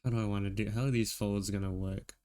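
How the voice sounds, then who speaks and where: An American man from the United States chats casually with his viewers while drawing on stream. His voice is on the low side and fast, his manner relaxed, and he laughs often as he talks to chat.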